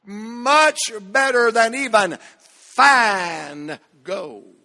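Male pastor, high bright voice, slow deliberate delivery, emphatic repetitive sermon cadence, reverberant church hall. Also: animated, creaky. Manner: emphatic preaching, repetitive cadence building to loud peaks. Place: church sanctuary.

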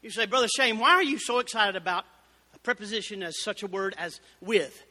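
A man preaching a fervent Baptist sermon, building up to shouted exclamations. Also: sits high, brisk. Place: church sanctuary. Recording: reverberant church hall.

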